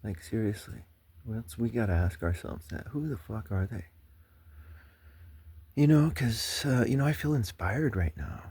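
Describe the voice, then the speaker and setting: A man's voice: fairly low pitch, expressive, measured pace, pauses often, a little mellow, breathy edge. A man hosting his own show, talking in a rambling, wandering monologue full of sighs, swearing and fillers.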